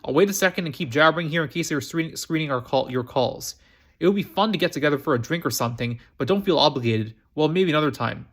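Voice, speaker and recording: A man reading aloud as a friendly young woman flight attendant, leaving a light, chatty phone message. The voice sits a little high and stumbles over words now and then. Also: expressive, fast.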